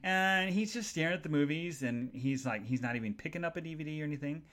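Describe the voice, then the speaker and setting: Animated, chatty male podcast host. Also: a little high, quick pace. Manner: chatty, animated storytelling with funny asides. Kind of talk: casual solo podcast monologue.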